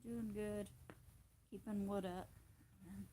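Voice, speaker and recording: A woman's voice: medium pitch, steady tone, slow pace, dark tone, a little hiss or hum. A woman hosting a casual homestead livestream, chatting in a rambling way and laughing often. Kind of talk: casual chat.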